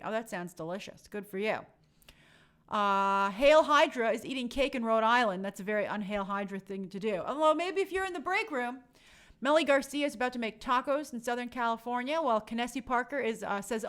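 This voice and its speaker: Brief: young adult woman, slightly high voice, casual chatty live-stream host reading viewer shout-outs. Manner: chatty, friendly, reads names aloud.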